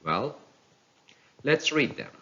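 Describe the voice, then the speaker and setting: A man teaching English pronunciation, reading word lists and examples slowly and with careful enunciation, a native Persian speaker. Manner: deliberate, careful enunciation with lively pitch. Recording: dull lo-fi recording.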